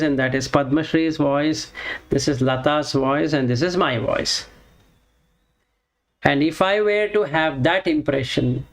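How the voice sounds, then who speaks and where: A man giving a slow lesson on a Sanskrit scripture, chanting each verse and then explaining it word by word. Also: fairly high pitch, vocal fry, low-quality recording. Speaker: Vedanta teacher.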